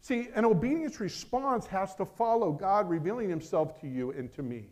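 A middle-aged man preaching a sermon as pastor, emphatic, swinging between loud declarations and hushed asides. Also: sits high, animated, normal speed.

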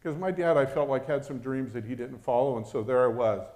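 A man's voice: medium pitch, brisk, darkish tone. A man preaching a sermon, telling a personal story and acting out the voices of the people in it. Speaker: pastor.

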